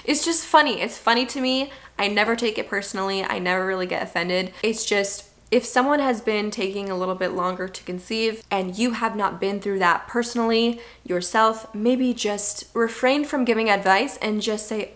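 A woman's voice: medium pitch, moderate pace, few pauses, a bit bright. A young woman talks straight to her viewers in a casual vlog. She is chatty and candid and acts out the voices of people she quotes. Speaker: vlogger. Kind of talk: casual talking-head vlog.

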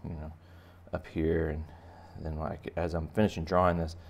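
A man's voice: a bass voice, flat delivery, normal speed, slight background noise. A man giving a playful, chatty step-by-step drawing lesson for kids. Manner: playful, chatty, talks to children directly. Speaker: art teacher.

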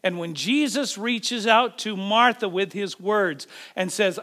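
High, bright-voiced preacher man. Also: takes it slowly, hardly any pauses. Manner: dramatic, acts out Bible voices with swings of pitch and loudness. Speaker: pastor. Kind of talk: sermon.

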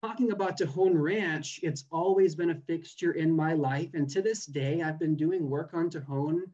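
A man's voice: on the high side, normal speed, mellow, dull audio. A young man from California giving a casual online seminar as a botanist, with many fillers and restarts, over a video call. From California, USA. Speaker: guest speaker, botanist.

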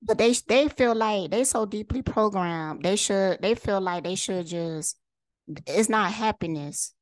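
A woman's voice: medium pitch, unhurried, no echo. A woman vlogger delivering a heated, profane monologue straight to camera, firing rhetorical questions and repeating lines for emphasis. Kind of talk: impassioned direct-to-camera monologue.

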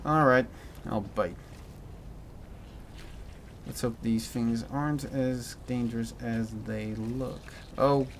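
A man giving a commented game playthrough, with a mix of American and British in his accent, swinging from panicked shouts to dry muttering. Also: medium pitch, takes it slowly, long pauses, a little hiss or hum. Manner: excitable, yelps and shouts in panic, then mutters dryly. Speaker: gaming commentator.

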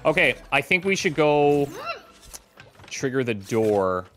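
A man's voice: mid-range voice, sing-song, slow, a bit bright. A man chatting easily and calling out moves while playing a co-op video game, over game music. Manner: easygoing, calls out plays. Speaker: co-op game commentator. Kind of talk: casual let's-play chat.

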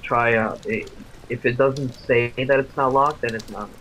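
A young man co-commentating a game in casual chat, laid-back and teasing, with halting filler-heavy speech. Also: medium pitch, fairly even intonation, fairly bright tone, a little hiss or hum, rough recording. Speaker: co-commentator watching. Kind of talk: casual let's-play commentary.

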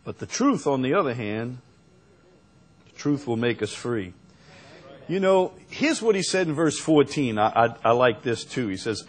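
A man preaching a sermon as pastor, slow and unhurried, rising to emphatic peaks. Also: medium pitch, big pitch swings, husky.

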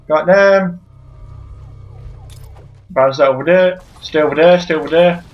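A man giving let's play commentary while he plays a shooter, swearing constantly and shouting at enemies in frustration. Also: high-pitched, unhurried, lo-fi sound, faint music behind. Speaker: gamer playing through a shooter.

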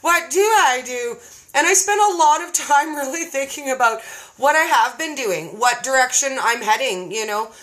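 A woman's voice: high-pitched, lively intonation, moderate pace, fairly bright tone. A woman hosting a casual live stream, bubbly and laughing often. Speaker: host.

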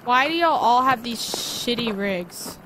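A woman streaming a shooter game, talking excitedly and swearing at the action. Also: a little high, measured pace, heavy background noise. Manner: swearing, exclaiming, talking over game sounds. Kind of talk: excited gaming chat. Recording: loud music behind the voice.

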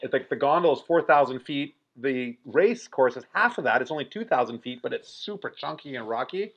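Energetic Canadian man, dull lo-fi audio. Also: medium pitch, brisk, slightly rough. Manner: energetic, animated, acts out voices in his stories. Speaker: podcast guest. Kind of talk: excited storytelling.

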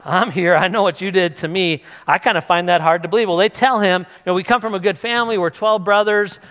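A man's voice: sits high, steady tone, fast talker, fairly bright tone. A male pastor giving a sermon, retelling a scripture story in a casual way, with frequent restarts, and he voices the characters as he goes. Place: church hall. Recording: long church hall reverb.

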